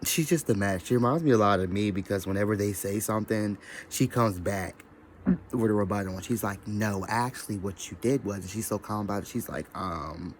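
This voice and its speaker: A man's voice: on the low side, fairly quick, a little hiss or hum. A man giving a scattered, profane, rambling commentary in a casual vlog. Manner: scattered, profane, mimics others in quoted voices. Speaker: social media commentator.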